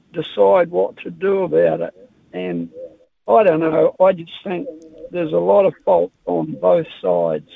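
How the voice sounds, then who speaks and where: A New man calls in to talkback radio, and his high voice comes through very gravelly. The phone line makes him sound tinny as he grumbles out a measured opinion. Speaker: caller. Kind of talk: phone-in chat.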